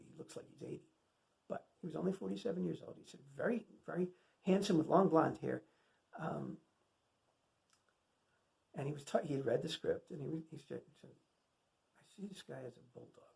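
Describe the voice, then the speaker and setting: A man's voice: a little high, creaky, darkish tone. A man introducing a classic film to an audience, retelling behind-the-scenes anecdotes in a loose, conversational way with many fillers and restarts. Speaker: film lecturer introducing a screening. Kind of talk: casual spoken film introduction.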